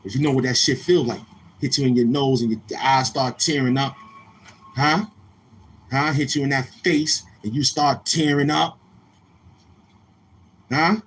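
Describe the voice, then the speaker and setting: A male livestream host talks loose and streetwise. His voice sits at a middle pitch and sounds a little tired. Faint outdoor noise runs under his voice. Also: measured pace, long pauses. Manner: loose, streetwise, goes from laid-back to loud and animated. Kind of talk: casual livestream talk. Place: outdoors near a street, car noise heard.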